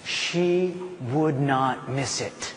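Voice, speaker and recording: A man giving a motivational speech and telling a story in an animated way. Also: medium pitch, drawn-out words. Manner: animated, drops to hushed emphasis at points. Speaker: motivational speaker. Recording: echoey hall with faint ambient noise.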